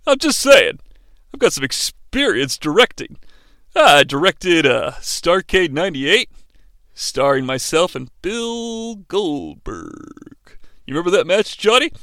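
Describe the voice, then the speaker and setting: Man doing a smug, self-promoting wrestler, low-key and dry-sounding. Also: big pitch swings, moderate pace, sharp tone, dry recording, exaggerated voice. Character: smug big male wrestler playing film buff.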